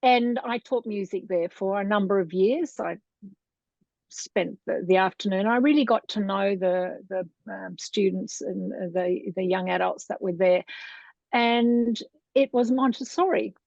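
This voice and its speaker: A woman's voice: medium pitch, a little slow, gravelly, a little mellow, no echo. A middle-aged Australian woman telling her story in a casual interview, chatty and wandering, laughing often. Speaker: guest, Montessori lecturer. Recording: dull, dry lo-fi sound.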